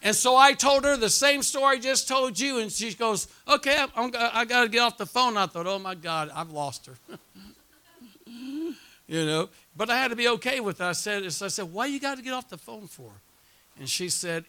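Male preacher; high, forceful delivery, call-and-response sermon. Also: lively intonation, normal speed. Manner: drops quiet and hushed when telling his testimony. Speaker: pastor.

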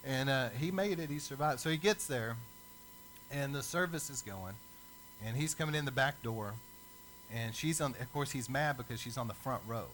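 A man's voice: mid-range voice, normal speed, slight background noise, rough recording. Man preaching a story-driven sermon. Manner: lively storyteller who acts out the people in his stories.

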